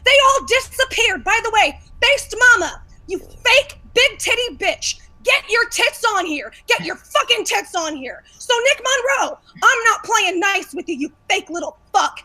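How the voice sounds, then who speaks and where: A woman delivering a profane, shouting call-out rant as a guest in a heated livestream debate. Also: very high voice, sing-song, a little slow, hardly any pauses.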